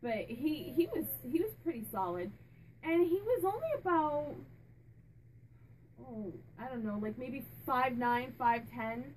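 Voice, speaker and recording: A woman hosting her own channel, chatting casually as she asks a spirit questions out loud and repeats his answers back. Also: high voice, lively intonation, a little slow, slight background noise, poor audio. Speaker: psychic medium and channel host.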